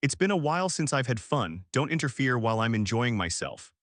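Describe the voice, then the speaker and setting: A man reading out a cruel fire demon who sneers and taunts his victims. The lines come in a lively, swinging storybook delivery. The recording is close and dry. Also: medium pitch, a little fast, dry recording. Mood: sneering. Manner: mocking, sneering.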